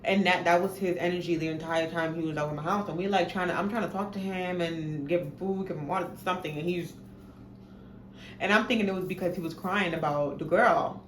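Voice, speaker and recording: Young New woman vlogger, low voice, dramatic storytelling, roomy echo with faint noise. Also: a little fast. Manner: animated, profane, dramatic retelling. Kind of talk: casual storytime. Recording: echoey room, faint background noise.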